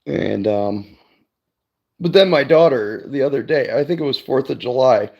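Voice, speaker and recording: Gravelly man rambling through stories. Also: medium pitch, animated, normal speed, lo-fi sound. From Cleveland area, Ohio, USA. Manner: rambling storytelling, swears freely, says "I'm like" often. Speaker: streamer. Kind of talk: casual chat to viewers.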